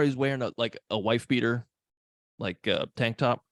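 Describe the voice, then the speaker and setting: A man from Long Island co-hosting a podcast, chatting casually and telling animated stories with loud shouted impressions. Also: mid-range voice, a little fast, dry recording, studio quality. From Long Island, New York. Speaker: podcast co-host. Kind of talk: casual chat about a film.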